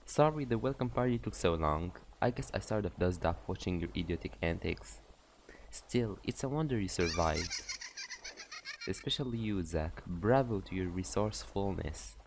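A man's voice: sits low, lively intonation, creaky, a little mellow, a little hiss or hum. A man reading the lines of a sly, mocking female warden in a game, taunting her captives. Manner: taunting, drawn-out questions.

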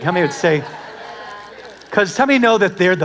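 A high-voiced American man in middle age preaches to his congregation. He tells animated stories, acting out the dialogue, and his voice swings from loud invitations down to hushed asides. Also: brisk, long pauses, a little hiss or hum. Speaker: pastor. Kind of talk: sermon. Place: church auditorium with live congregation.

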